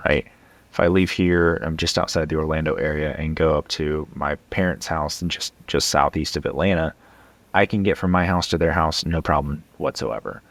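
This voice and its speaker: Deep-voiced, earnest financial coach man. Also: no room sound. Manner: earnest, emphatic, tag questions. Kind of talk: casual conversation.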